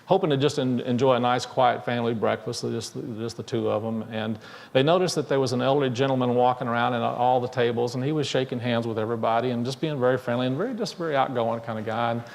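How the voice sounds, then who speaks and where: A male minister telling a story in a sermon, in a conversational, halting way with frequent restarts. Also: mid-range voice, fairly even intonation, gravelly. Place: church sanctuary. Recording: long reverb in a church hall.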